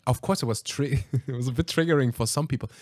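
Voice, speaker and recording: A man hosting a podcast, telling a story in a lively, laughing way with plenty of fillers. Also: medium pitch, fast, no echo, studio quality. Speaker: podcast host. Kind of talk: casual storytelling conversation.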